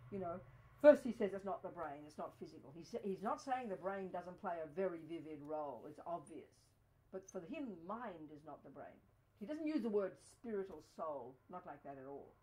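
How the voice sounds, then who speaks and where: A woman's voice: on the low side, big pitch swings, moderate pace, mellow, rough recording. A woman giving a Buddhist teaching to a study group, talking emphatically with many "you know"s. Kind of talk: dharma teaching talk.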